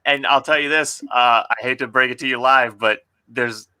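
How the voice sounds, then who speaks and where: A man hosts a relaxed book review chat, reading prose aloud and critiquing it playfully, with a taste for dramatic pauses. His voice is very bright and ringing, at a middle pitch. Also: smooth.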